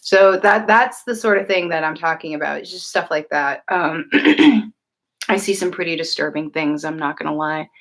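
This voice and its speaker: Woman with a lowish voice, hosting a home livestream; casual and earnest, loose rambling delivery. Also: moderate pace, fairly bright tone. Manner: earnest, rambling, many fillers and restarts. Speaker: livestream host and tarot reader. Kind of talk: casual livestream chat answering viewers.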